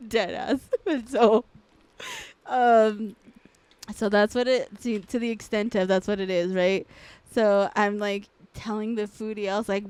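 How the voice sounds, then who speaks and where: A young woman co-hosting a podcast, chatting casually, crude and loud with lots of laughter. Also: medium pitch, steady tone, slow pace, smooth, no room sound. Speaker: podcast co-host. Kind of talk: casual chat.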